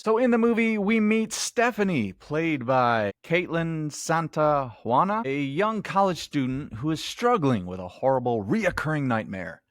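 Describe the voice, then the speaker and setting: A man's voice: medium pitch, no room sound. Man, podcast host, chatty movie review, laughs a lot, dry close sound. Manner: chatty, self-deprecating, laughs often. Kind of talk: casual movie review monologue. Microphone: headphones, home podcast mic.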